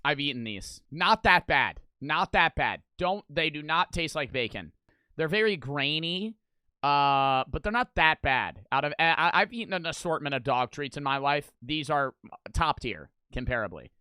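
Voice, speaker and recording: A young man casually reacting to old TV commercials, swearing freely and breaking into loud, incredulous outbursts. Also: on the high side, animated, normal speed, clear, resonant tone.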